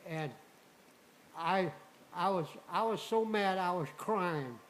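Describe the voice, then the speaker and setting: An older man with a fairly high voice tells a story from his past, unhurried and drawn out. He talks in a folksy, animated way and acts out the lines of the people in the tale. A faint noise sits under the recording. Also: low-quality recording. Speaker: returning guest. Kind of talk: telling a personal story on a radio show.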